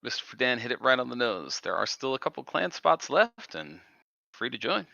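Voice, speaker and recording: A man co-hosting a casual livestream, laid-back and quick to laugh. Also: mid-range voice, big pitch swings, creaky, bright, forceful tone, dry recording, highs cut off.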